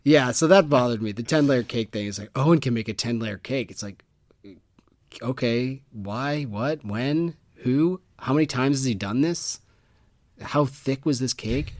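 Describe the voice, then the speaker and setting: A man's voice: mid-range voice, a little slow, dry recording. Male co-host, casual chat, exasperated ranting delivery, dry booth sound. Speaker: podcast co-host.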